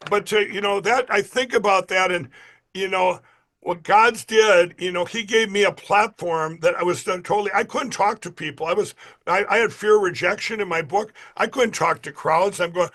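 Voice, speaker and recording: High bright-voiced man telling stories. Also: normal speed. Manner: emphatic, repeats himself, acts out other people's lines. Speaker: interview guest. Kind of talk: animated storytelling.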